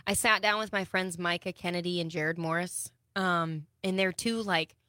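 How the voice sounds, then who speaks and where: A woman from Wisconsin, a singer-songwriter, chatting casually as a radio guest, with many ums and pauses. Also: on the low side, steady tone, pushed and bright, no echo, clean studio sound. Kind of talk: casual interview chat. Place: radio studio.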